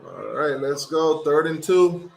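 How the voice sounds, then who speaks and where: A man hosting a watch party, giving casual play-by-play commentary and getting loud and excited on big plays. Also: a little high, takes it slowly, reverberant, low-quality recording.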